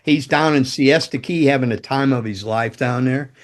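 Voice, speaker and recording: A man's voice: mid-range voice, normal speed. A man in his sixties, a former guitar tech, telling profane, rambling road stories as a podcast guest. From United States. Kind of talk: casual storytelling.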